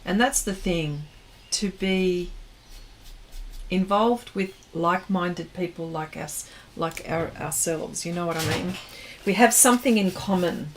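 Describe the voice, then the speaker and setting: A woman's voice: lowish voice, unhurried, slight background noise. A woman hosting an art livestream, chatting casually while she paints and reading viewers' comments aloud, often trailing off mid-sentence.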